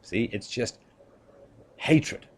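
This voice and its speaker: A man's voice: drawn-out words, darkish tone. A man giving an opinion commentary monologue, emphatic and conversational, leaning on "you know" and "right?" and chuckling between points. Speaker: political commentator.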